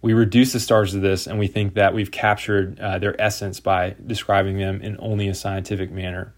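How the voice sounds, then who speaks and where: A man's voice: low voice, flat delivery, fairly quick. A man giving a lecture, reading passages aloud and then explaining them with occasional fillers and restarts. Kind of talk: lecture on scripture and literature.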